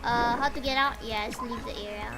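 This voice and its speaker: High-voiced, excitable woman streamer. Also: moderate pace. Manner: excitable, chatty, talks to chat. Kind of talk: casual game livestream chat. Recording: loud game music behind.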